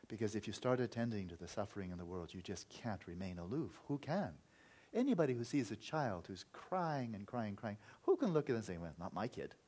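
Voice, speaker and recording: A man's voice: fairly low pitch, big pitch swings, a little fast, darkish tone, husky. A man teaching meditation in an earnest, reflective Buddhist talk, sometimes acting out inner voices.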